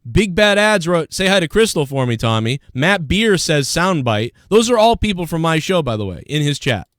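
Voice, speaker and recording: A man's voice: on the high side, a bit bright, no echo. Ranting male livestream host, dry sound. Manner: aggrieved, ranting, reads chat comments aloud. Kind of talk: casual livestream commentary.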